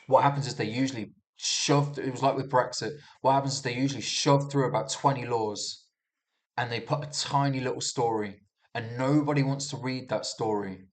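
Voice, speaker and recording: A man reviewing the news gives a casual, heated monologue, restarting sentences a lot and swearing. His voice is medium-pitched and steady at a normal speed.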